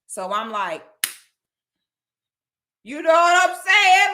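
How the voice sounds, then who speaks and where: A woman telling a personal story on a livestream in a casual, animated, slangy way. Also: very high-pitched, takes it slowly, long pauses.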